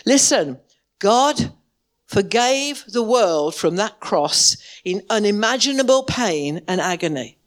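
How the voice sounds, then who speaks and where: Woman, preacher, church sermon, animated intonation, unhurried, emphatic repetitions. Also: medium pitch.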